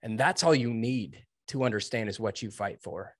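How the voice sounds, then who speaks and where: Earnest low-voiced man telling a story. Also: normal speed, dry recording, studio quality. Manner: earnest, emphatic, quotes himself and others. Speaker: guest, Navy veteran. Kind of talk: storytelling interview.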